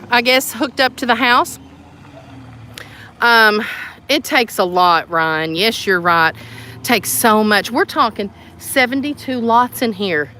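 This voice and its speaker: Bright, excited woman livestreaming outdoors. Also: on the high side, slight background noise. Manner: chatty, excited, rambling. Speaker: tiny home community host. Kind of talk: casual livestream walkthrough. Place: outdoors at a building site.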